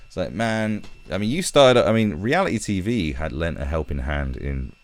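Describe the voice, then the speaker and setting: A man's voice: deep voice, moderate pace, no echo. A young British man on a live stream, ranting heatedly and swearing as he talks from his own room. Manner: profane, animated, heated.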